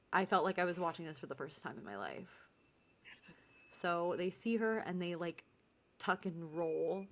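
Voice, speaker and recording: A woman co-hosting a podcast, chatting casually and giggling as she recaps a TV episode. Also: on the low side. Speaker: podcast co-host. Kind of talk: casual chat recapping a TV show.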